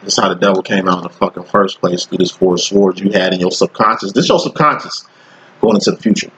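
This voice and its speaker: A man's voice: fast talker, rough recording. Blunt, profane male tarot reader. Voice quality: profane, blunt and streetwise, with slang. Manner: animated, rhythmic, jumping in pitch for emphasis. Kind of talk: casual tarot reading monologue.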